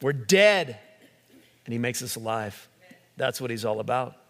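A male pastor giving an animated sermon, acting out quotes as he preaches. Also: mid-range voice, a little slow, vocal fry. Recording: long hall reverb.

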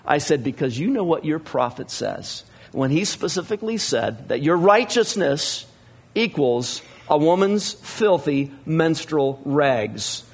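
A middle-aged man, a pastor, giving a sermon in a conversational storytelling style, with many fillers and animated dialogue. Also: on the high side, measured pace, husky.

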